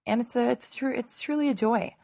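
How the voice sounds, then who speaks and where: A hoarse woman hosting her podcast, chatty and animated, swearing freely in a casual intro monologue. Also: fairly high pitch, brisk. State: hoarse, lost voice. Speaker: podcast host. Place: Los Angeles.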